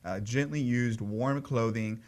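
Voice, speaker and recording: A man's voice: medium pitch, unhurried, a little mellow. A man on a casual podcast, giving event details in a friendly, plain way. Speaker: podcast co-host. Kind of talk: casual chat.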